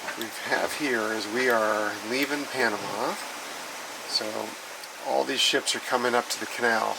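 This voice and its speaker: Man, sailing vlog host, casual relaxed talk, steady middle voice, loud wind and water noise. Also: medium pitch, normal speed, vocal fry. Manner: relaxed, explains things plainly. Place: outdoors on a sailboat at sea.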